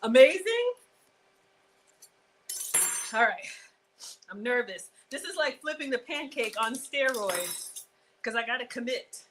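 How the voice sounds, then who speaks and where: A woman hosting a live cooking stream, chatty and excitable, talking straight to her viewers. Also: a little high, background noise. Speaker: cooking show host.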